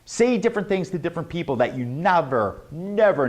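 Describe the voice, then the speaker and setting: A man giving a motivational sales lesson, emphatic and animated, repeating key words for stress. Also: a little high, fairly quick. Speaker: sales trainer.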